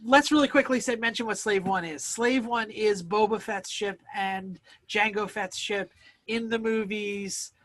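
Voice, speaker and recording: A man's voice: high voice, measured pace, a bit bright. A man hosting a casual podcast chat, recapping a plot at length and stopping to explain the background. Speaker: podcast host.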